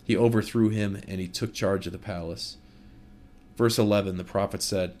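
Low-voiced man preaching conversationally. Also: steady tone, normal speed, darkish tone. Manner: storytelling, speaks directly to listeners. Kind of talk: conversational sermon.

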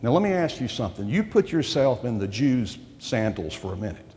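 A man's voice: mid-range voice, big pitch swings, a little fast, darkish tone, long reverb tail. A male pastor preaching a sermon, emphatic and full of rhetorical questions to the congregation. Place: church.

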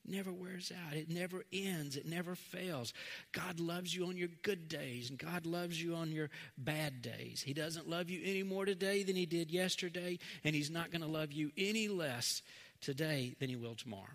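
A middle-aged man preaching a sermon, earnest, moving between quiet, slow stretches and emphatic lines. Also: fairly high pitch. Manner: earnest, swings from soft to emphatic. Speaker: pastor. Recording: long hall reverb.

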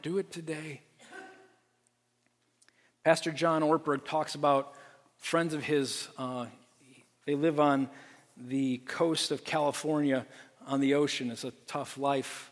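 A man preaching a sermon as pastor, earnest and repeating phrases for emphasis, dropping to a hush for his appeals. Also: a little high. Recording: long reverb from a large room.

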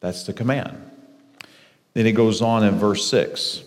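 A man teaching a Bible study, explaining scripture and reading passages slowly and deliberately, with some self-correcting restarts. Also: on the low side, big-room sound.

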